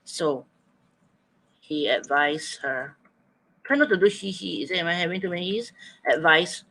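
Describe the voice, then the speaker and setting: A man's voice: high-pitched, moderate pace, gravelly, pushed and bright, poor audio. A man teaching an online writing lesson, coaxing students, thinking aloud and repeating their chat answers back.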